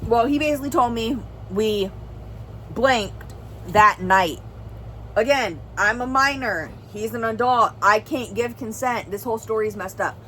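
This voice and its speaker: A woman's voice: on the high side, measured pace, a bit bright, a little hiss or hum, poor audio. A young woman vlogger telling a serious personal story in an earnest, rambling way, full of "like" and "well". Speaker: family vlogger.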